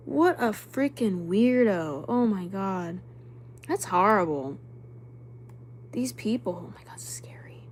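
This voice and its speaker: A woman's voice: medium pitch, a little hiss or hum. A young woman in her twenties hosting a casual livestream, chatting and reading viewer comments, now and then dropping to a whisper. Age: young adult. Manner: chatty, animated, drops to whispers when spooked. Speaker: livestream host.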